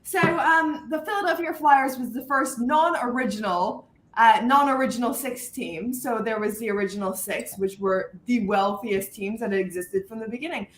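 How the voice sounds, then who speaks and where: A woman of thirty from Canada, a guest on a live stream, talking in a lively, self-mocking way. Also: fairly high pitch, moderate pace, few pauses. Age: 30s. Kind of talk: casual live stream chat. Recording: roomy with faint noise.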